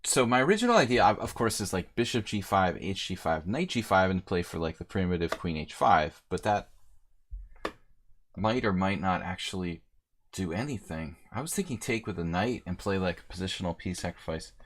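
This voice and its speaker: A man's voice: deep voice, lively intonation, normal speed. A middle-aged man streaming a chess game live, thinking aloud and chatting with viewers in a joking, casual way. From United States. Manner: chatty and joking, answering chat mid-game.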